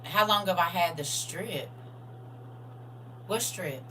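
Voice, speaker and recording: A middle-aged woman chatting excitedly and casually to her viewers on a live stream. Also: lowish voice, takes it slowly, slight background noise, poor audio. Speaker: livestream host.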